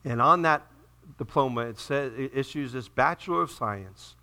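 A man pastor preaching a sermon in a church, swinging between loud emphatic peaks and quiet, hushed appeals. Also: medium pitch, expressive, moderate pace. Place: church sanctuary.

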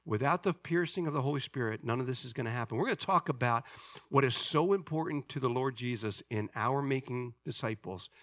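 A man preaching a sermon to his church, pressing the congregation with questions and dropping to a hushed voice to pray. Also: fairly quick, dry recording. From United States. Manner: preaching with rising intensity and direct questions to the congregation; drops to a quiet, low voice in prayer. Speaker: pastor. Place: church sanctuary.

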